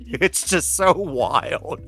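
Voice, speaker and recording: A man co-hosting a podcast, telling relaxed stories from work and home, laughing often and swearing casually. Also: fairly high pitch, very slow, gravelly, soft background music. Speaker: podcast co-host. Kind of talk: casual chat.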